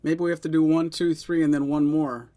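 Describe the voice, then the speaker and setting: Man with a slightly high voice, dry joking asides. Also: flat delivery, a little fast, warm tone. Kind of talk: casual chat.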